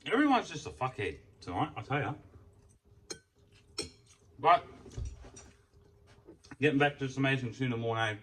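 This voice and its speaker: A young man telling an animated, foul-mouthed story as a casual vlog while he eats. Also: mid-range voice, normal speed, long pauses, far from the mic, slight background noise. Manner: heavy swearing, animated storytelling. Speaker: food vlogger. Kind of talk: casual ranting while eating. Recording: voice off from the mic.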